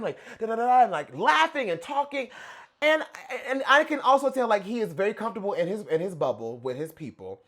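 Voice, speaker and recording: A young man giving casual pop culture reaction commentary in an animated, gossipy way. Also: high voice, fairly quick. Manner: animated, gossipy, dramatic outbursts.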